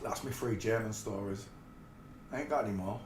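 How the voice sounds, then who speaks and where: A man's voice: lowish voice, fairly quick, a little hiss or hum. A man from England, telling rambling anecdotes in a casual way and often breaking into laughter. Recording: roomy echo.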